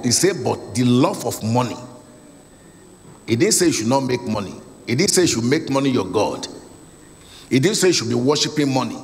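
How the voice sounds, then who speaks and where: A man's voice: medium pitch, in a large hall. A male pastor with a Nigerian English accent preaching a sermon, stressing points by repeating phrases. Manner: emphatic, repeats key phrases. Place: church hall.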